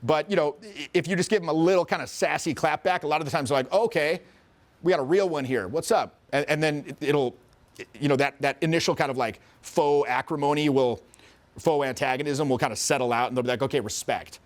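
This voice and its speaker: A middle-aged man, a social skills coach, telling stories in a casual interview with an animated, profane delivery. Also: on the high side, fast. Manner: profane, animated, acts out quoted voices.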